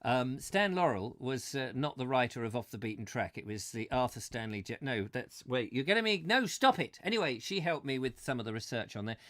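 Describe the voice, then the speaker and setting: A man hosting a comic chat show, rambling and ranting excitably while reading out viewer comments. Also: mid-range voice, brisk, few pauses, no echo, studio quality.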